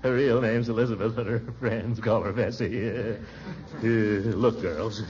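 A man's voice: lowish voice, fairly even intonation, measured pace, a little mellow, slight background noise, lightly acted. A man playing a stammering, chuckling pompous official. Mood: flustered. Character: blustering flustered middle-aged male official. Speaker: pompous small-town official. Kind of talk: 1940s radio acting. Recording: dull old radio recording.

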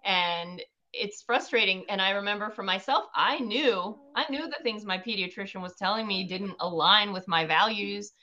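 A woman's voice: mid-range voice, moderate pace, hardly any pauses, bright, forceful tone. A woman coaching new mothers, talking emphatically and casually on a podcast, now and then swearing for emphasis. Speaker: guest, postpartum mindset coach. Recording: slightly dull lo-fi sound with faint noise.

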